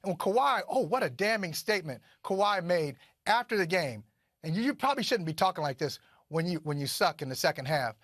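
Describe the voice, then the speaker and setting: A middle-aged man co-hosting a sports debate show, his voice pitched high and his delivery animated. He hammers his points home by repeating phrases. The sound is dry and close. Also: fairly quick, dry recording. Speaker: co-host of a sports talk show.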